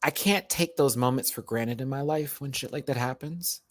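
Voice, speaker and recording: A man's voice: medium pitch, moderate pace, no room sound. A young man hosting his own livestream, talking heartfelt and rambling to viewers while emotional and near tears, often repeating and restarting words. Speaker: YouTuber host.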